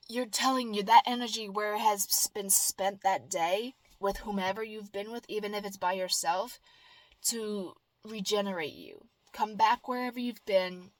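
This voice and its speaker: A woman's voice: medium pitch, no echo. Woman, vlogger, rambling upbeat talk, fillers and restarts, dry close sound. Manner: upbeat and earnest. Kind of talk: casual chat.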